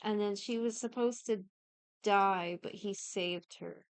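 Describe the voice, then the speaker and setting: A woman's voice: medium pitch, clean tone, no echo. A young woman podcast co-host casually recapping a TV series, rambling and swearing, often acting out characters' lines. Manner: rambling, profane, quotes characters in quick asides. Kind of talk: casual chat.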